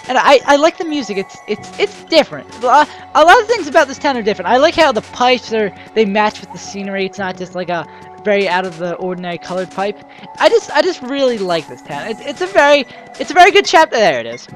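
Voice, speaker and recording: Gaming host, young woman, high bouncy voice, chatty, faint music behind. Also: a little fast. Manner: chatty, stumbling restarts, excitable. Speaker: let's play host. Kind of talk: casual gameplay commentary. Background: faint game music.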